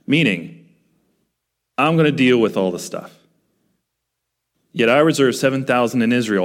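A man preaching a sermon, reading scripture aloud and breaking it open with emphatic rhetorical questions. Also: lowish voice. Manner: reads scripture aloud between explanations. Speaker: pastor.

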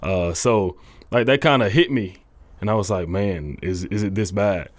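Young man, low voice, halting earnest storytelling, dry close sound. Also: no room sound. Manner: halting, many fillers and restarts, earnest storytelling. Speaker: college football coach. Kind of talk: casual testimony interview.

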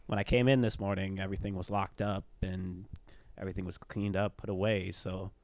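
A man voicing a calm male museum director who speaks in a measured, halting way with a slightly lower voice. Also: no echo. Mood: dismissive.

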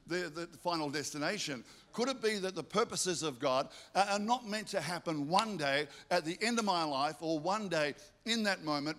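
A male pastor preaching a sermon, stacking up rhetorical questions and telling lively stories. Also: sits high.

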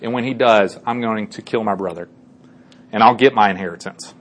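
A man voicing a cheated, vengeful older brother in a low, quiet, menacing tone. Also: brisk, natural voice.

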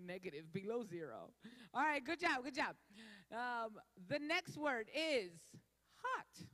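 A woman's voice: fairly high pitch, big pitch swings, slow, fairly bright tone. A woman leading an interactive sermon, playful and drawing answers from the crowd. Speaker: speaker leading a church audience. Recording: echoey hall.

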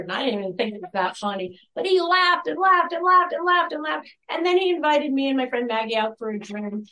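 New lady poet chatting on a video call from home, kinda high voice, laughs a lot, swears casually. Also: a bit bright, rough recording. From New York. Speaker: guest poet. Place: at home by her computer.

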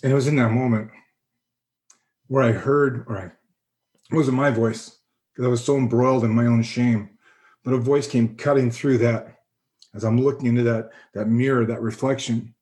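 A middle-aged man giving a personal testimony, earnest and reflective, pausing and restarting as he speaks. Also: medium pitch, fairly even intonation, a little mellow. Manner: earnest, reflective, halting with pauses. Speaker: personal storyteller.

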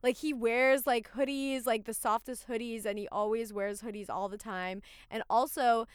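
A young woman chatting casually as a podcast co-host, animated and full of "like", slipping into mock voices. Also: a little high, normal speed, clean tone, no echo, clean studio sound. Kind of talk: casual chat.

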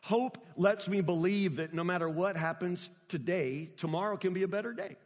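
High-voiced preacher in a reverberant hall. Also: male voice, moderate pace. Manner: emphatic, repeats words, rising to near-shouts. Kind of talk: sermon.

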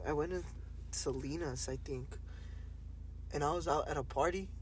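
A man's voice: fairly high pitch, moderate pace, a little hiss or hum, low-quality recording. A young man on a podcast chatting casually, brash and boastful, full of slang and "bro". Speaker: podcast co-host. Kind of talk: casual chat.

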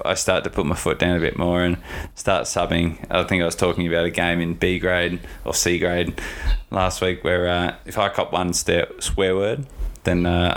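An Australian man who referees, co-hosting a podcast and telling jokey stories. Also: low-pitched. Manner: jokey, animated storytelling. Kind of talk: casual podcast chat.

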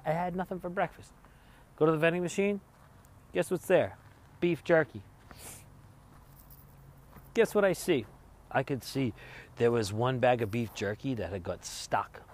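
A man's voice: medium pitch, normal speed, long pauses. A man vlogging as he travels, telling a rambling, profane story in casual chat. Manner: rambling, profane, laughs while retelling.

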